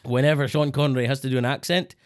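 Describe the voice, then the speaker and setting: A man's voice: mid-range voice, steady tone, fast talker. A man co-hosting a podcast, bantering casually, laughing often and jumping into silly put-on voices. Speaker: podcast co-host.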